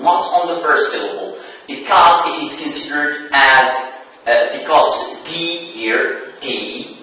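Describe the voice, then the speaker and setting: A man teaching an English lesson, speaking slowly and repeating key words for his students. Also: fairly high pitch, bright, forceful tone, slight background noise. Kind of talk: televised classroom lesson. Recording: echoey room, voice from far off.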